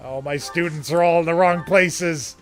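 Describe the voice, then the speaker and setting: A man's voice: a little high, steady tone, moderate pace. A man playing a strategy game with friends in casual let's-play chat, laughing often, swearing freely and muttering his moves aloud. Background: game music.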